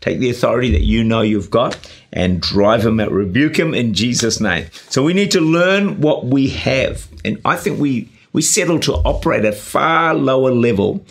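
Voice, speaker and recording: A man's voice: mid-range voice, animated, normal speed, vocal fry. A man preaching a sermon in an earnest, exhorting way, with frequent "uh" and "you know". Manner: earnest, exhorting, with frequent 'uh' and 'you know'. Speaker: pastor and radio preacher. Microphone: camera-recorded sermon.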